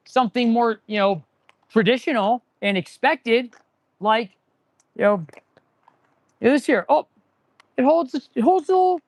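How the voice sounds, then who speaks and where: A man's voice: very high-pitched, dry recording. Sarcastic man ranting in a repair shop. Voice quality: sarcastic, rambling, talks with his hands on tools. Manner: ranting, restarts often. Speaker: auto mechanic and channel host. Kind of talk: casual live-stream shop talk. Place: auto repair shop, indoors.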